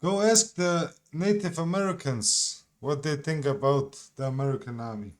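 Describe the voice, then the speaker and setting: A man's voice: fairly high pitch, normal speed. A man commentating on a clip in a profane, mocking, rambling rant. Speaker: reaction commentator.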